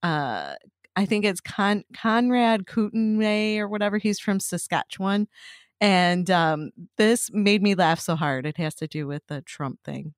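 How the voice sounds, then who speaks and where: A woman's voice: medium pitch, expressive, a little slow, no echo, clean studio sound. A woman hosting a casual chat, rambling with many fillers and frequent giggles. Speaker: podcast host.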